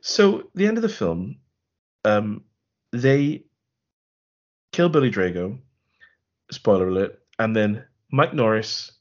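A man's voice: lowish voice, dull audio. A man co-hosting a podcast, recapping a film in a wry, rambling, sarcastic way. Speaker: podcast co-host. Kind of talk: casual film review chat.

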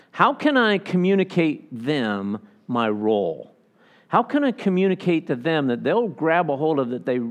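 Acting out the voices of those he quotes, a pastor delivers a lively sermon in a voice on the high side.

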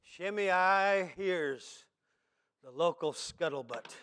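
A man preaching a sermon to his church, posing rhetorical questions and building into shouts. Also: sits high, a little slow. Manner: impassioned preaching that swells into shouts; asks the congregation rhetorical questions. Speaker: pastor. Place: church service.

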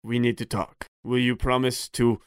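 A guest player, a man playing his character in a tabletop game, terse and halting. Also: mid-range voice, flat delivery, clean tone, dry recording, studio quality. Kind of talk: in-character tabletop role-play.

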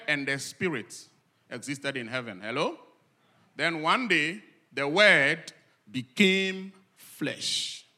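A man preaching a Sunday sermon to a live congregation. He asks the congregation questions and answers them himself, and he swings between loud, emphatic lines and soft, low asides. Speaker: pastor. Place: church service with a live congregation.

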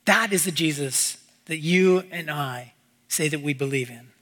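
A man preaching a sermon as pastor, earnest and repetitive, with his voice falling low at the ends of phrases. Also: a little slow, a bit bright, big-room sound.

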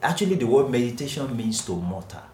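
A man's voice: mid-range voice, sing-song, fast talker, a little mellow, slight background noise. A man teaching a Bible lesson, explaining earnestly and correcting himself mid-sentence. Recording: echoey room.

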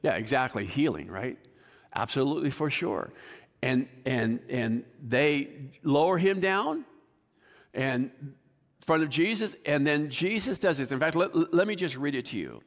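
A man's voice: mid-range voice, lively intonation, measured pace, in a large hall. A male pastor giving a conversational sermon and putting questions to the congregation.

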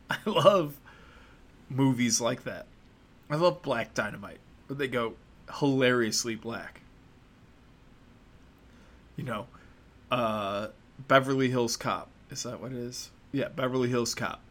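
A man's voice: medium pitch, a little slow, pauses often, a bit bright. A young American man giving opinionated, casual commentary in a sarcastic, mocking and profane way. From United States.

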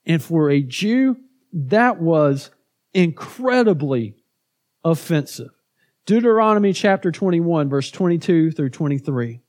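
A pastor preaching a conversational sermon, often repeating words and tagging points with "right?". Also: male voice, a little high, lively intonation, unhurried, a little mellow.

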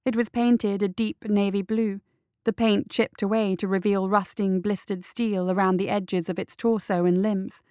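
A woman narrating a fantasy story in a measured, deliberate reading. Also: mid-range voice, flat delivery, mellow, clean tone, no echo, studio quality. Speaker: story reader.

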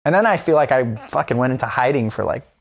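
A man's voice: medium pitch, expressive, quick pace, creaky. A man co-hosting a podcast, talking candidly in a casual chat, rambling with many fillers and restarts. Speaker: podcast co-host.

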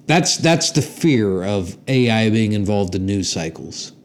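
A man's voice: fairly low pitch, animated, a little slow. A man co-hosting a casual podcast, rambling through opinions with plenty of swearing. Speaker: podcast co-host. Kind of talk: casual chat.

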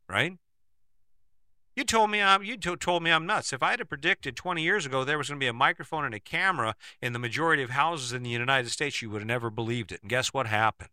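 A man's voice: medium pitch, quick pace, sharp tone, dry recording, clean studio sound. A man giving a persuasive commentary monologue, firing skeptical rhetorical questions with emphasis. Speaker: speaker giving a monologue to camera.

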